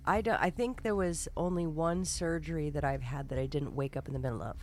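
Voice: mid-range voice, fairly quick, slight background noise. A podcast co-host reacting sympathetically in casual chat and sharing a similar experience.

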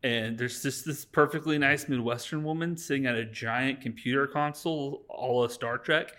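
Male podcast host, casual rambling movie recap, mid-pitched, throws in character lines. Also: bright, forceful tone. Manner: rambling, acts out characters' lines in quick voices.

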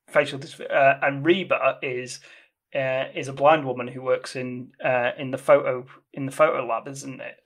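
On a podcast, a male co-host loosely recounts a film's plot in a casual discussion, often stopping to correct himself and piling on details as he explains. His voice is middle-pitched and fairly bright, with fairly even intonation and a slightly slow pace.

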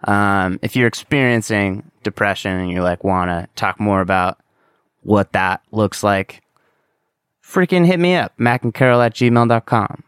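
A man's voice: lowish voice, animated, a little slow, a bit bright, clean tone, no room sound, studio quality. A young man hosting a solo podcast, talking candidly and rambling, with casual swearing. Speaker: podcast host.

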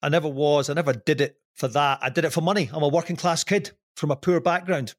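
A man's voice: fairly high pitch, fairly even intonation, fast talker, no room sound, studio quality. A middle-aged man with a Scottish accent, speaking as a podcast guest in a candid, rambling, self-deprecating way with many restarts. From Scotland. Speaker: podcast guest, former TV presenter. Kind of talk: casual podcast interview.

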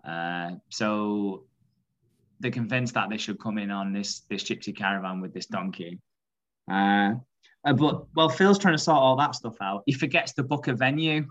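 A man's voice: on the low side, normal speed, fairly bright tone, dull audio. A man co-hosting a podcast in casual chat, laughing and swearing freely as he tells stories. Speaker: podcast co-host.

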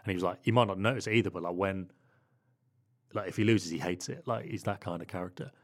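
Fast-talking man telling football stories. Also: low-pitched, steady tone. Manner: rambling anecdotes with many "like" fillers. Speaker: football club correspondent. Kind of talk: casual podcast chat.

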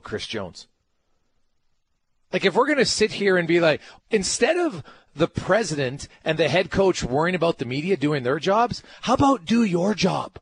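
Husky-voiced man ranting on sports radio. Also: high-pitched. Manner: emphatic, ranting, rhetorical questions. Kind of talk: opinionated sports talk radio.

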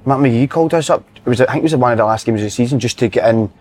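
A man with a Scottish accent hosting a casual football podcast and telling stories in a quick, animated way. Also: medium pitch. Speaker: podcast host.

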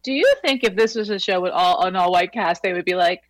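Chatty New York Latina woman, lowish, dry. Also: fairly quick, no room sound, low-quality recording. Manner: chatty, laughs often, many likes and you-knows. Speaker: actress guest. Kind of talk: casual podcast conversation.

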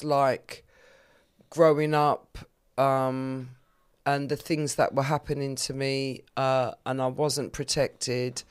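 Woman, comedian guest, candid interview talk, blunt earthy humour, resonant clear tone. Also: deep voice.

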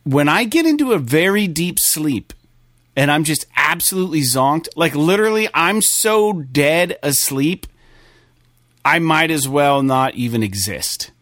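A young adult man hosting a podcast, telling a story in a loose, swearing, animated way with many fillers. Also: fairly high pitch, unhurried, dry recording, clean studio sound. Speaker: podcast host. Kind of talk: casual podcast chat.

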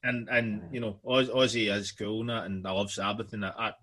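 A man co-hosting a casual music podcast, blunt and quick to agree or chime in. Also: fairly low pitch, steady tone, pushed and bright.

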